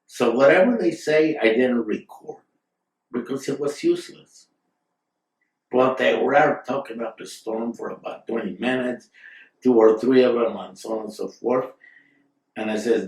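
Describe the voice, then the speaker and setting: A man's voice: medium pitch, moderate pace, darkish tone. A man casually telling a long story in a rambling, digressive way, with fillers and side remarks, recorded from a distant mic in a roomy space. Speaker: storyteller, guest.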